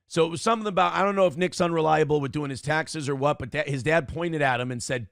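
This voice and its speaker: A man's voice: fairly high pitch, fast talker, creaky, hardly any pauses, a bit bright, dry recording, clean studio sound. A man telling a rambling, self-correcting story in a casual livestream, acting out what others said. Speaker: streamer reading chat and telling a story.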